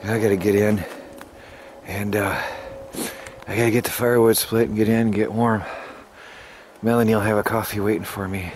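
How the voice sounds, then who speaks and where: A lower-voiced man rambles casually to his camera while standing outdoors in the snow. The camera mic picks up clear background noise and chickens clucking around him. He sometimes sounds out of breath from the cold. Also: fairly even intonation, moderate pace. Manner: rambling, chatty, talks to his birds. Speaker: homesteading vlogger. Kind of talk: casual vlog narration. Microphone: handheld camera mic.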